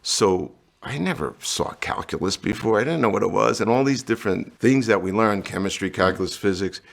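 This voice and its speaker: Deep, gravelly man telling his story. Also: animated, brisk. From New Jersey. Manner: candid, storytelling, acts out quoted lines. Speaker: guest.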